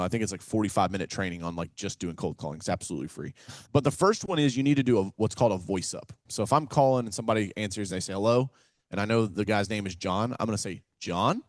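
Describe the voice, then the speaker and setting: With a lowish voice and no room sound, a real estate investor from Kentucky guests on a laid-back podcast interview. He spins energetic, folksy stories, acting out phone calls and frequently tossing in "man" and "right?"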